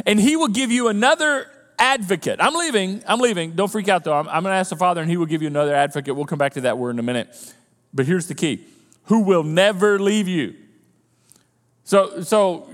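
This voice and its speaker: Male pastor, fairly high pitch, animated conversational preaching. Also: long reverb tail. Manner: animated, conversational preaching, voices the disciples' panic. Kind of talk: sermon.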